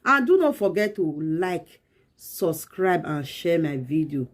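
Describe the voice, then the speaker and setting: A woman host closes out her video by speaking straight to her viewers and calling them guys. Her voice sits a little low. Her manner is plain and direct. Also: big pitch swings, slow pace. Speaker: channel host.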